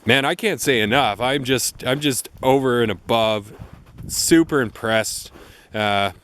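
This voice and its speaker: A man's voice: mid-range voice, a little slow, fairly bright tone, a little hiss or hum. A Canadian man talking about his vehicle in a casual vlog. He sounds enthusiastic and fills his talk with uh and um. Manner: enthusiastic, with frequent fillers. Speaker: vlogger. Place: beside an off-road vehicle.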